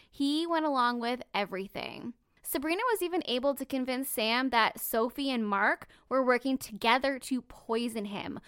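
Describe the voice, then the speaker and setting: A woman's voice: high-pitched, fairly bright tone, clean tone, no echo, clean studio sound. A woman hosting a true crime podcast, telling the story bluntly and emphatically, swearing casually.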